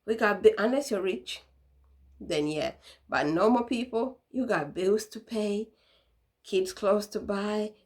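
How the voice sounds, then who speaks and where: A woman's voice: medium pitch, takes it slowly, a little mellow. Young woman, casual vlogger, chatty, mid-range voice. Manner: chatty, laughing, acts out quotes of her mom. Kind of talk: casual chat to camera.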